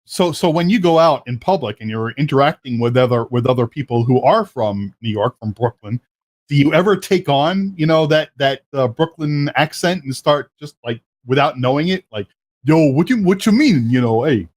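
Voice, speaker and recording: A man hosts a live talk show in a loose, jokey way. He laughs often and rambles through restarts at a middling pitch. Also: expressive, moderate pace. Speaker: host. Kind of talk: casual chat. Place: South Florida.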